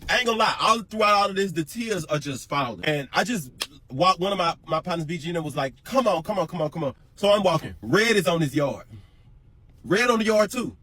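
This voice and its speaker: Man telling a raw personal story; husky, swears a lot, emphatic and repetitive. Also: high voice, animated, brisk, sharp tone. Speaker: storyteller in a reacted clip. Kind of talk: emotional storytelling.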